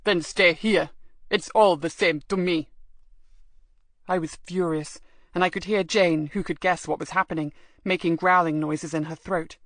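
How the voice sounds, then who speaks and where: A woman narrating a first-person audiobook in a measured, expressive way. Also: lowish voice, no room sound.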